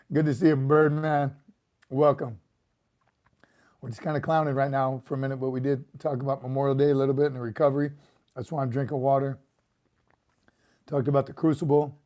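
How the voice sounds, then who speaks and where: A man's voice: medium pitch, mellow. A middle-aged man, a retired sergeant major, casually chatting on a livestream and reading viewer comments, chuckling and repeating words as he goes.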